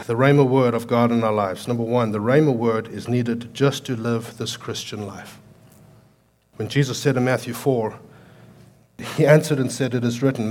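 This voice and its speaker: Here a male pastor at medium pitch swings from forceful, emphatic lines into hushed stories during his sermon. American ears would hear his accent as foreign.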